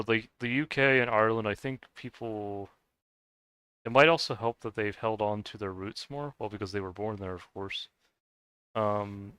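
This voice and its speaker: A man talking casually while playing a game, his voice low-pitched and smooth. He rambles and hesitates, piling up fillers and restarts with frequent laughs. The sound is dry and close, with no room around it. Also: fairly bright tone, dry recording. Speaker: gaming streamer. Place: lives in the US.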